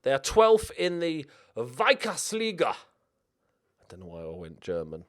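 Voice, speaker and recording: Excitable, sweary man commentating a game. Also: mid-range voice, a little slow. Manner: excitable, sweary, jokey self-talk. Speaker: video game streamer. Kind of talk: let's play commentary.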